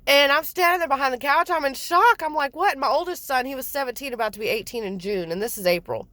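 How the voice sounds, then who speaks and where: A woman's voice: sits high, quick pace, bright, forceful tone, no echo. Furious, foul-mouthed woman telling her story. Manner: blunt, profane, heated, quotes others. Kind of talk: angry personal storytelling.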